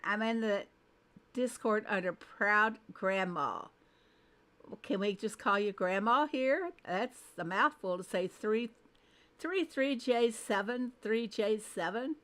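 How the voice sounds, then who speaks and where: This woman speaks slowly in a mid-range, somewhat bright voice. She's hosting a relaxed gaming livestream, saying hello to viewers one at a time and talking through her thoughts as she adjusts the display settings.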